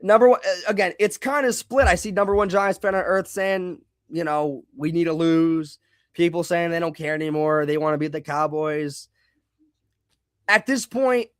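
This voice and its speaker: A young man with a fairly high voice runs a live football reaction stream, rambling, restarting sentences, and reading chat comments aloud. The audio is close and dry, with no room sound at all.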